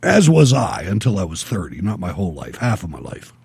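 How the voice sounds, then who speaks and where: A middle-aged man hosting a call-in talk radio show, blunt and animated, often laughing. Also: sits low, fairly quick, creaky, husky, no room sound.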